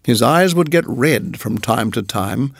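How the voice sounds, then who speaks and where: A man narrating a storybook in a measured, even reading voice. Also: medium pitch, gravelly, slightly rough, no room sound, studio quality.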